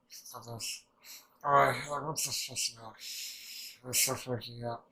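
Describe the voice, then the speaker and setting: A young man rambling excitedly through a casual reaction commentary, swearing freely and restarting his sentences. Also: mid-range voice, a little slow, long pauses, poor audio. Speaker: anime reaction channel host.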